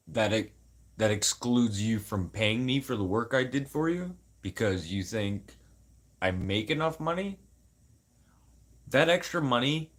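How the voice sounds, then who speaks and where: Agitated man venting raw. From Manitoba, Canada. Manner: agitated and raw, swears a lot, swings from loud outbursts to low mutters. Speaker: vlogger. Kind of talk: casual unscripted venting to camera.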